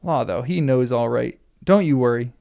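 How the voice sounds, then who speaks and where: A man's voice: mid-range voice, moderate pace, gravelly, dark tone, voice pushed down, lightly acted. A man reading as a sneering ruffian bully. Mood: threatening. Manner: sneering, threatening. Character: menacing mocking ruffian man, squint-eyed bully. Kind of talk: reading a novel aloud.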